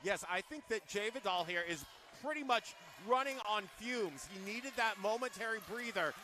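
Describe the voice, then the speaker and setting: A man's voice: high voice, animated, normal speed, sharp tone. A man giving color commentary on live pro wrestling, playful with cheeky asides.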